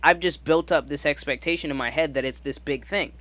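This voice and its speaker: A man's voice: a little high, brisk, a bit bright. Hesitant man thinking aloud on a podcast. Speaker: podcast co-host. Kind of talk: casual chat.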